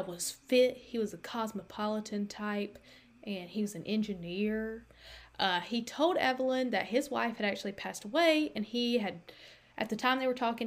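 A woman hosting a podcast, telling a story in a chatty, casual way with lots of fillers. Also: medium pitch. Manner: chatty, animated, many fillers and likes. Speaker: podcast host.

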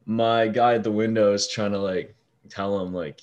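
A young man with a deep, low voice tells a story in loose casual talk. He swears freely and acts out the voices of the people in it. His pitch sits on the low side. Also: expressive, normal speed, a little mellow, lo-fi sound. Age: young adult. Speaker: fast-food shift manager.

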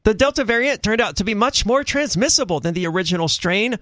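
A man with a notably high voice co-hosts a radio talk show, reading news aloud and tossing in wry asides. The sound is dry and close to the microphone. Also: expressive, fast, pushed and bright, no echo. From New Hampshire, USA. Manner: wry, reads articles with offhand asides.

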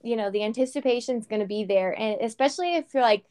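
A young woman co-hosting a podcast, chatting casually and lively, often acting out what others said. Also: fairly high pitch, fast, smooth. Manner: animated, acts out quoted voices. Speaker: podcast co-host. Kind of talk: casual chat.

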